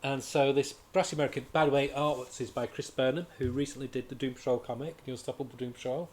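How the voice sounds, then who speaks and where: A man chats casually through a comic review at a middling pitch. He sounds enthusiastic and rambles, often stopping partway and starting a sentence again. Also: fairly even intonation, fast, a little mellow. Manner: rambling and enthusiastic, with frequent restarts. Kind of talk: casual chat.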